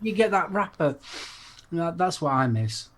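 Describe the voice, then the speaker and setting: A man with a Yorkshire accent co-hosting a casual chat and speaking in a relaxed, reflective way. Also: fairly high pitch, moderate pace. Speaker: podcast co-host.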